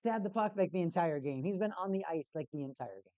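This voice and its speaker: A woman's voice: on the low side, animated, fast talker, warm tone, dry recording, dull audio. A woman streamer giving casual play-by-play and exasperated fan commentary on a hockey game.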